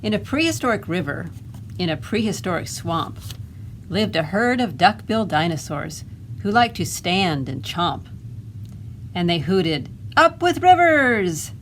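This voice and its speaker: A woman librarian reads a dinosaur picture book aloud for children, taking her time over every word. She is playful and expressive and stops to ask the listeners questions. A faint hum sits under her voice. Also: lowish voice, measured pace.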